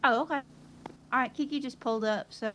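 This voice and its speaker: A woman's voice: sits high, brisk, sharp tone, slight background noise. A woman on an in-game phone call in a roleplay, chatting casually and giggling often. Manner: giggly, breaks into laughter often.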